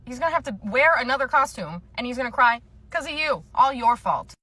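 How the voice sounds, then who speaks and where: Comedic role: woman plays demanding mother, whiny, bright tone. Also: high-pitched, expressive, fairly quick, full character voice. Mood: pushy. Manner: pushy, whiny. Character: pushy demanding mother costume shopper.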